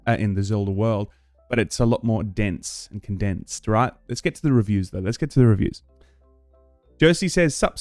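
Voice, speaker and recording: A man's voice: medium pitch, darkish tone, no room sound. A man from Australia hosts a live stream in a loose, chatty way, stumbling and restarting as he talks. His voice sits dry and close to the mic, with faint music underneath. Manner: chatty, full of fillers and restarts. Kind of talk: casual live stream chat.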